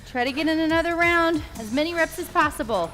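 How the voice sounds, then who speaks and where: A woman's voice: high-pitched, fast talker, a bit bright, long reverb tail, faint music behind. A woman leading a follow-along home workout, giving encouraging step-by-step cues. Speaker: fitness instructor.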